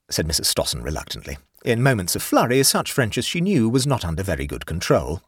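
This male storyteller has a husky, a bit breathy voice and a wry, measured way of narrating. Huge swings in pitch run through his delivery, captured in a close, dry recording free of room sound.

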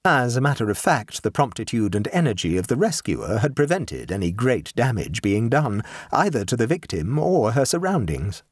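A man narrating a classic short story in an expressive way. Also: moderate pace, hardly any pauses, no echo, clean studio sound. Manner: expressive, shifting pitch for dramatic beats.

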